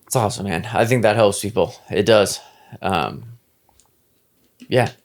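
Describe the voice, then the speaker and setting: A man's voice: fairly low pitch, unhurried. A man hosting a podcast, chatting casually and acting out the people in his stories. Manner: animated storyteller, acts out voices. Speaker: podcast host. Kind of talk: casual interview talk.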